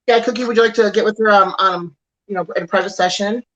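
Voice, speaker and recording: A woman's voice: mid-range voice, steady tone, fast, fairly bright tone. An easygoing woman co-hosting a live-stream chat about astrology. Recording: muffled sound.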